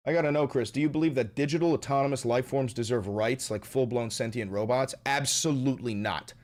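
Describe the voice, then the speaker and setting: A man ranting loudly and profanely while chatting on a live stream. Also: mid-range voice, a little fast. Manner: loud, animated, profane, ranting.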